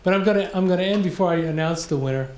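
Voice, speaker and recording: A man moderating a pitch competition, speaking in a chatty, jovial storytelling manner. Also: racing. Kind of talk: wrapping up a live pitch competition, telling a joke. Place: conference room. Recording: echoey room with background noise.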